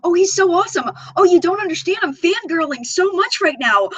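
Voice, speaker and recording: A woman's voice: very high voice, expressive, a little fast, a bit bright, dry recording, muffled recording. A woman hosting a live makeup chat stream, reading viewer comments aloud and gushing over them. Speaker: beauty channel host.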